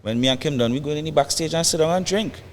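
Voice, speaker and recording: A man's voice: a little high, fast talker, long reverb tail. A man with a Trinidadian accent talking as a guest musician in a casual chat, emphatic and repeating phrases.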